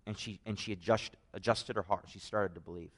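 A man's voice: on the low side, a little fast. A man with a Canadian accent preaches a conversational sermon, telling stories with joking asides. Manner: animated storytelling, joking asides.

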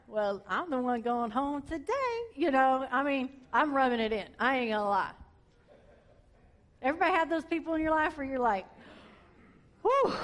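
A woman police officer telling a testimony story in a colloquial, self-mocking, animated way. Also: on the high side.

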